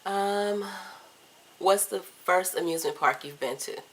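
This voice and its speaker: A low-pitched woman from Virginia in her thirties chats into a camcorder, answering questions one after another. She is candid and playful and lets her sentences trail off quietly. A faint hiss sits under the recording. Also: a little fast. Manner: chatty, candid, playful asides, trails off softly. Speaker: vlogger. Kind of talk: casual chat answering tag questions. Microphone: camcorder mic.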